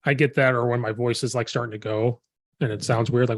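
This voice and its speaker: A man hosting a casual coaching podcast, telling stories animatedly, quoting himself and laughing often, his voice a little hoarse from coaching. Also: medium pitch, steady tone, a little fast, no room sound. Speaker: podcast host and football coach. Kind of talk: casual chat.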